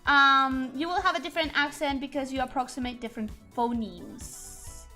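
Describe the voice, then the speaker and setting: A woman whose first language is Spanish, speaking English with a Spanish accent as she chats casually on a livestream and reads chat aloud, rambling and thinking out loud. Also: high voice, normal speed, soft background music. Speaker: streamer.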